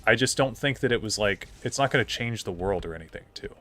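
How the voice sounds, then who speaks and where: A man's voice: lowish voice, animated, fast talker, fairly bright tone. A young man streaming a game, chatting casually in a rambling, opinionated way full of fillers. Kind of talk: casual gameplay commentary.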